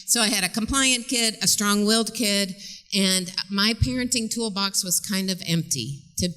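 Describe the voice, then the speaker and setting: A woman's voice: mid-range voice, moderate pace, bright, forceful tone. A woman in her fifties from upstate New York, a counselor chatting and joking as a guest in a church interview. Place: large church sanctuary. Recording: long church reverb.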